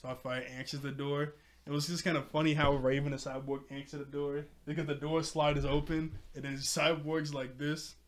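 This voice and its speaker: Man, casual episode recap, rambling and offhand, slightly high voice. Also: flat delivery, normal speed. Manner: rambling, self-correcting, offhand. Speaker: cartoon episode reviewer.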